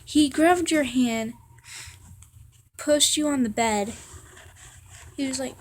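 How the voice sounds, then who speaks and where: A young woman reading a second-person fan story aloud in a halting way, with fillers and restarts. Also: sits high, slight background noise.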